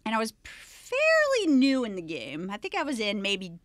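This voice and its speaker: Woman guest on a podcast, chatting and telling a story, very animated, does little voices, dry close mic. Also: a little high, normal speed, dry recording. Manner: animated, acts out quoted voices. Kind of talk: casual storytelling chat. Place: podcast studio.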